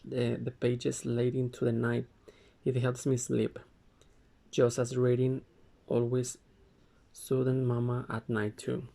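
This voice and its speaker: A man reads a memoir aloud at an unhurried, slow pace, his voice carrying a gravelly rasp. He stumbles now and then and goes back to correct himself as he reads. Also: mid-range voice, a little mellow. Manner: halting, frequent stumbles and self-corrections. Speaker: amateur reader.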